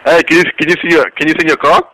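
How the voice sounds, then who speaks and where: A man's voice: on the high side, fairly even intonation, rapid-fire, bright, forceful tone, low-quality recording. A man, from Australia, answering a prank call with brash, insulting comebacks. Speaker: call recipient.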